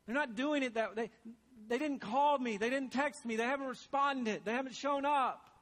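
A man's voice: extremely high pitch, normal speed, a bit bright. A man pastor preaching a sermon, earnest and questioning, repeating phrases for emphasis.

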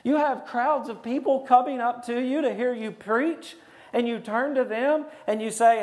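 High-voiced man preaching a sermon. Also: normal speed. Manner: dynamic preaching, swings from loud declaring to hushed intensity. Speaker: pastor.

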